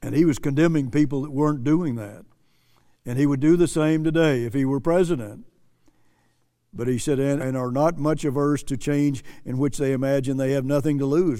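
A man's voice: medium pitch, mellow, long reverb tail. A man preaching earnestly, repeating phrases for emphasis and reading quotes aloud. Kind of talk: sermon commentary.

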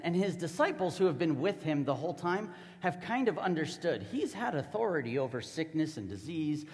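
A man's voice: a little high, sing-song, brisk, darkish tone, big-room sound. A man preaching a sermon as a pastor, telling the story casually and with animation.

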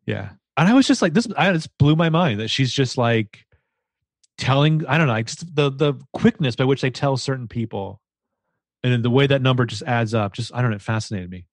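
A man co-hosting a podcast, chatting casually about a movie, animated and laughing as he retells scenes. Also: medium pitch, brisk, no room sound. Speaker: podcast co-host. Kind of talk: casual movie-discussion chat.

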